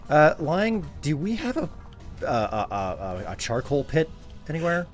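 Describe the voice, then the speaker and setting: A man's voice: on the high side, a little slow, faint music behind. A man hosting a livestream, chatting casually while playing and often restarting his sentences. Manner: animated, stumbles into restarts. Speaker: streamer host. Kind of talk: casual chat while gaming.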